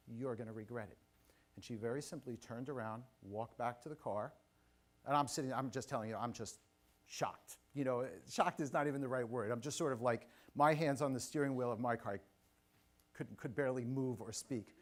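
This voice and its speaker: A middle-aged man, voice at medium pitch, speaks as the keynote at a conference. His delivery is animated and audience-focused: a personal anecdote interrupted by quick asides and questions to the people watching live.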